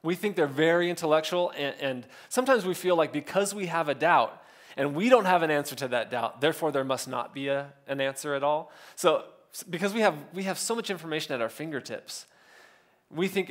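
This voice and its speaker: A man's voice: a little high, lively intonation, a little fast. A male pastor, giving a casual, conversational sermon and briefly acting out quotes. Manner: conversational, self-correcting, acts out biblical quotes.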